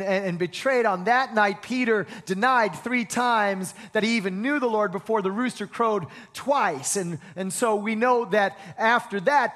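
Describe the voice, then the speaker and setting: Man, preacher, high voice, animated sermon delivery, repeats phrases, leads call-and-response.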